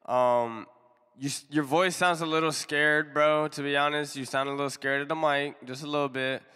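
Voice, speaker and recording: Blunt, bright-voiced male music reviewer. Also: on the high side, steady tone, moderate pace, smooth, in a large hall. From United States. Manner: blunt, slangy, laid-back. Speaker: music review show host. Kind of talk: casual live-stream commentary.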